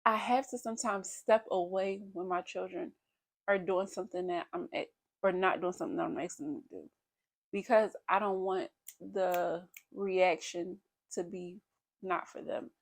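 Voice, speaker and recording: Woman in her thirties, vlogger, casual confessional talk, blunt and candid, some vocal fry. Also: lowish voice, moderate pace. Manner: candid, blunt, talks straight to viewers.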